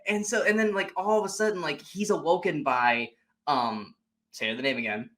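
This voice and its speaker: A man's voice: fairly high pitch, normal speed, a bit bright. A young man co-hosting a podcast, casually retelling a movie and acting out its lines. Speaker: podcast co-host. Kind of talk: casual movie recap chat.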